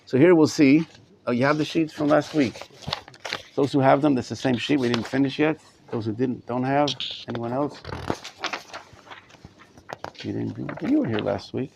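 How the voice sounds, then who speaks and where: A middle-aged rabbi teaches a live class in a study hall. His voice sits at an average pitch for a man. He addresses the students in front of him and repeats words while gathering his thoughts. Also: normal speed, gravelly, pauses often, background noise. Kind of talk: live Torah class lecture.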